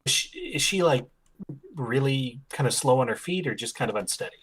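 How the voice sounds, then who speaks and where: A man's voice: mid-range voice, lively intonation, a little fast, a bit bright, husky. A man playing a tabletop game, eager and explaining things in detail. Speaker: player. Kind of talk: tabletop role-play chat.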